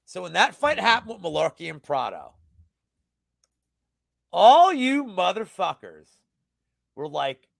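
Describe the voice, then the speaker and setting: A man in his thirties on a casual livestream, talking about betting in animated, profane, boastful rants. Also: high voice, unhurried, creaky, pauses often, dry recording. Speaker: sports betting guest.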